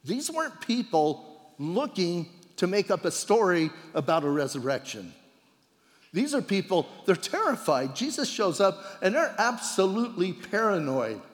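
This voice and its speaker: A male pastor delivers a lively, conversational sermon, acting out the quoted lines as he goes. His voice sits high for a man. It rings with the long reverb of a large church hall. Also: unhurried. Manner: conversational, animated, acts out quoted dialogue.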